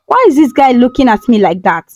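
A woman's voice: fairly high pitch, sing-song, a little fast, a little mellow, highs cut off. A woman voicing a bitter, vengeful young female ghost in a storybook tale, speaking in a cold, mocking manner.

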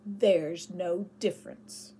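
A woman's voice: fairly low pitch, slow pace, husky, heavily acted. Woman voicing a scornful young boy. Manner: lively, then cool and scornful.

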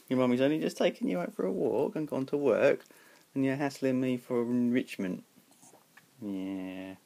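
Gravelly, chatty man at home. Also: medium pitch, unhurried, long pauses, warm tone. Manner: chatty, affectionate, laughing often. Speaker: pet owner vlogger. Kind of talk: casual home video chat. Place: at home, early morning, still in bed. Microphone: tablet camera.

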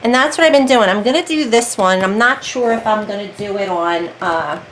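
A woman's voice: mid-range voice, fairly quick, a bit bright, slight background noise, low-quality recording. Chatty woman rambling about crafts. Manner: chatty, rambling, self-interrupting. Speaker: crafting vlogger. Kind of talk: casual chat. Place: warm room at home.

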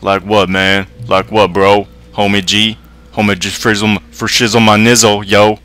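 A man's voice: fairly low pitch, level tone, moderate pace, a bit bright, natural voice. A man doing a slangy laid-back terrier. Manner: drawling, slangy, dude-bro talk. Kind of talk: comedic gaming commentary.

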